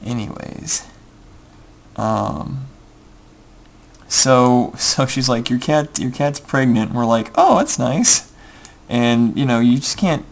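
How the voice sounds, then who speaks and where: A man's voice: medium pitch, vocal fry. A young man telling a rambling story full of ums while playing a game and muttering his next moves. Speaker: gameplay video creator. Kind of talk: casual storytelling over gameplay.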